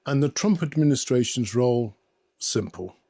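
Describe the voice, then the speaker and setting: A man's voice: mid-range voice, normal speed, husky, no echo. Sarcastic male host, dry close sound. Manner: sarcastic, deadpan delivery with hesitations. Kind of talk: satirical commentary.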